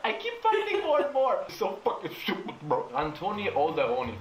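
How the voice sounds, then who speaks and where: A man giving a casual, joking game review and reacting to fan art, animated and profane. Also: high-pitched, moderate pace, very noisy. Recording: echoey room with music.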